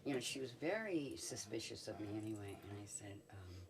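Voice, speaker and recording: A woman's voice: a bass voice, animated, fairly quick, recorded from a distance, crowd noise. An older woman, a medicine woman, telling a personal story in an interview, chuckling often as she goes.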